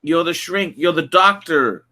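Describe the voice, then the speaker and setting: A man's voice: a little high, expressive, a little slow, bright, forceful tone. A middle-aged man hosting a casual livestream chat, rambling and repeating his phrases with lots of fillers. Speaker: livestream host.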